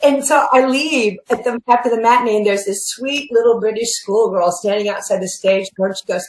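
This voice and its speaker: A woman telling an anecdote in animated chat, acting out quotes and laughing often. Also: a little high, fairly quick, reverberant, poor audio. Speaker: guest performer. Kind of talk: anecdotal chat over video call.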